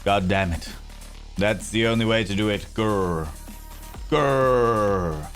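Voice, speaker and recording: A man's voice: lowish voice, fairly even intonation, normal speed, soft background music. A man chatting casually on a live stream in a flamboyant, theatrical, camp manner, reading out and thanking his chat.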